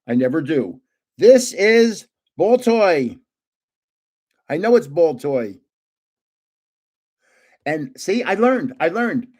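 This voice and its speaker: A man's voice: fairly high pitch, very animated, slow pace, pauses often, darkish tone, husky. An older man hosting a casual live stream, chatting and joking as he guesses card names aloud. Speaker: livestream host opening trading cards.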